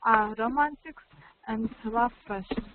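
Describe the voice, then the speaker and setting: A woman student answering in an online English class, hesitant and halting with many fillers. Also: on the high side. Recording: tinny phone-like call with faint hiss.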